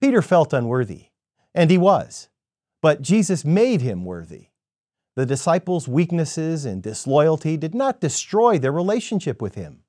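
A man giving a scripted devotional sermon in an expressive storytelling manner. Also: on the high side, a little slow, no room sound, studio quality. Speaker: devotional speaker.

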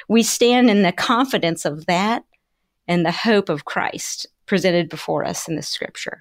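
A woman's voice: fairly low pitch, animated, unhurried. A woman pastor discussing scripture with an emphatic, preacherly cadence, often saying "you know.".

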